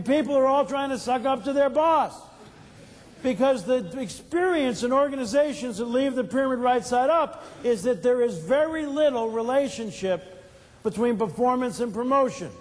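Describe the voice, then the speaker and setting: Older keynote speaker, quite high voice, lively Q-and-A delivery, reverberant hall. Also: male voice. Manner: asks the audience questions and answers them, playful storyteller. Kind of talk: motivational keynote talk.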